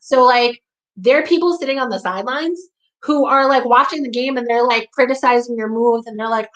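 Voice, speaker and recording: A woman's voice: on the high side, fairly quick, low-quality recording. A woman with a New York accent talking candidly and bluntly to her audience, leaning on "like" and swearing when riled. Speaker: community talk host. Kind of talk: candid monologue to camera.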